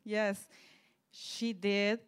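Woman preaching her testimony, mid pitch, gets soft then really fired up. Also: level tone, extremely slow, clean tone. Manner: fervent, storytelling, swings from soft to loud. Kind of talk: sermon testimony.

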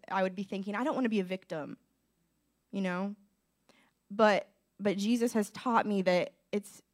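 A woman in her thirties sharing a personal testimony at church, earnest and conversational, often asking the audience to relate. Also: medium pitch. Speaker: speaker giving a testimony.

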